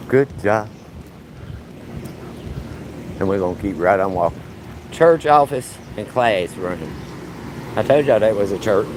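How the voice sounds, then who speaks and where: A man's voice: fairly low pitch, animated, normal speed, background noise. A man, chatting casually on a live stream as he walks his dog outdoors. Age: 50s. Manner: talks to his dog as he strolls, folksy and joking. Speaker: vlogger. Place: outdoors on a neighborhood street. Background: faint outdoor ambience.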